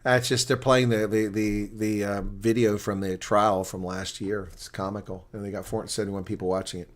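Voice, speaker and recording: A man's voice: on the low side, little pitch movement, moderate pace. A man chatting casually on a live stream, rambling between viewer comments and rugby talk.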